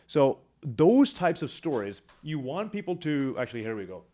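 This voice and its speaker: A man teaching public speaking, talking to camera with lively swings between high energy and quiet, hushed moments. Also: moderate pace. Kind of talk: instructional talk to camera.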